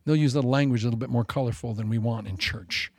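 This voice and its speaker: A man in his forties preaching a sermon, animated and joking, with self-mocking asides. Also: mid-range voice, fast, dry recording. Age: 40s. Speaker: pastor.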